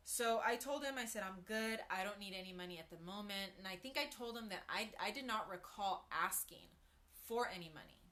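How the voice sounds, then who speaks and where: A woman chats to her live-stream viewers in a loose, conversational way, breaking off to greet people as they join. Her voice has a bright, forward edge, and her pitch sits in the middle. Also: animated, a little fast. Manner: chatty, greets viewers mid-story, frequent ums and asides. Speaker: livestreamer.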